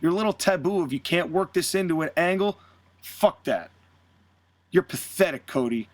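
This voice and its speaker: A man's voice: fairly high pitch, animated, moderate pace, no room sound, natural voice. A man voicing a cocky young male wrestler who taunts and mocks a rival with swearing insults. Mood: sneering.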